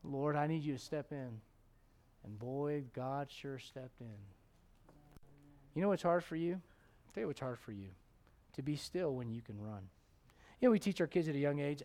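A middle-aged man preaching a sermon as pastor, animated, swinging from loud exclamations to hushed tones and acting out voices in his stories. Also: fairly high pitch. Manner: acts out voices in his stories, chuckles often.

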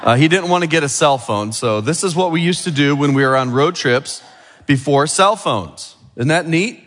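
A man's voice: fairly high pitch, lively intonation, moderate pace, fairly bright tone, long reverb tail, slight background noise. A middle-aged male pastor giving a sermon with a children's object lesson, chatty and full of questions to the room. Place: church sanctuary.

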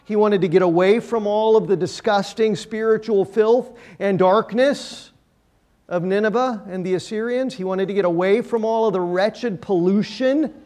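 A man with a high-pitched voice delivers a sermon from the pulpit. He preaches emphatically, his voice building to loud passages and then falling away to near quiet. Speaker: pastor.

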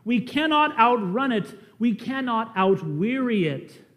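A man preaching a sermon as a pastor, impassioned, rising to loud emphasis and dropping to quiet pleading. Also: extremely high pitch, very animated, unhurried.

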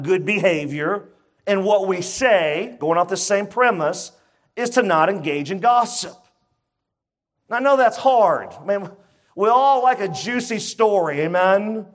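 A man's voice: high voice, expressive, a little slow, fairly bright tone. A pastor preaching to his church congregation, emphatic and conversational, repeating his key points and putting questions to the room. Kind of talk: sermon.

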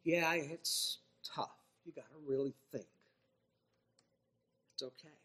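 A male preacher delivering a sermon in a high, bright voice at an unhurried pace. He swings between loud, pleading exhortation and hushed near-whispers, with mocking, joking asides along the way. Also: steady tone.

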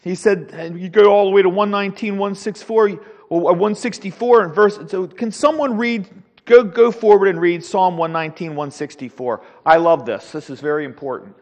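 A man leading a Sunday school Bible class, teaching in an animated, preacherly way with the odd chuckle. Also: high voice, normal speed, big-room sound. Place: church classroom.

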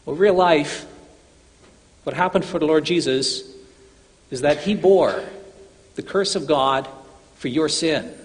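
A man's voice: fairly high pitch, lively intonation, takes it slowly, pauses often. A man preaching an earnest sermon, addressing his listeners as brothers and sisters, with long hall reverb.

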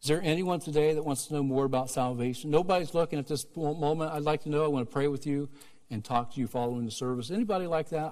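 Earnest pastor preaching in a reverberant hall. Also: male voice, on the high side, quick pace. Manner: earnest, swings from emphatic to hushed. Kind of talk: sermon with altar call. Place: church sanctuary.

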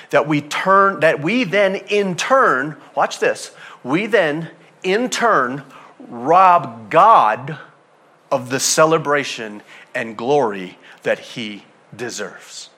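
Animated, conversational male preacher. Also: a little high. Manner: animated, swings from soft asides to loud emphatic peaks; conversational, with fillers and repeated phrases. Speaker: pastor. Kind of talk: sermon.

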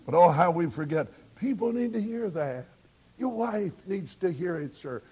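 A man's voice: sits high, animated, moderate pace, warm tone, breathy edge. A man preaching a sermon, telling folksy stories and building to fervent emphasis.

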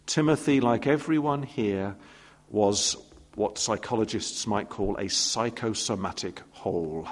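A man's voice: fairly low pitch, a little slow. Guy preaching a sermon, storytelling with little voiced asides, big echoey church hall. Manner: warm storytelling with playful asides and voiced quotes. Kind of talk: expository sermon. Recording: long reverb of a church hall.

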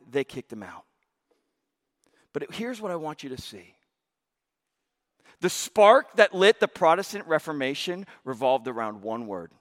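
A male pastor preaching a sermon, telling a story with emphatic rises and hushed drops. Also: high voice.

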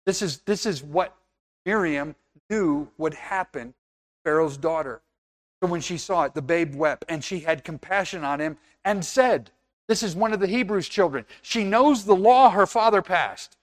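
A man's voice: high-pitched, normal speed. A man preaching a sermon in an earnest, conversational way, now and then acting out little scenes.

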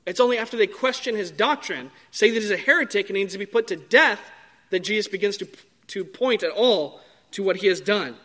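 A man preaching a sermon in a measured, emphatic way, drawing out key words. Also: sits high, fairly bright tone.

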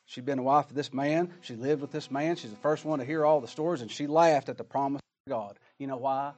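A man's voice: mid-range voice, a little fast, a little mellow. A man preaching a sermon, reading scripture aloud and asking emphatic rhetorical questions.

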